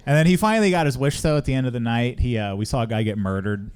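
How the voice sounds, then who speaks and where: A man doing a stand-up comedy set about emergency medical work, talking deadpan and dropping low for the people he quotes. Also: racing, few pauses, a little hiss or hum. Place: comedy stage with live audience.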